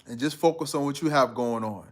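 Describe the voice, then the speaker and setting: A man's voice: mid-range voice, a little fast. A man hosting a live stream, chatting casually and reading out viewer comments in a laid-back, slangy way. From United States.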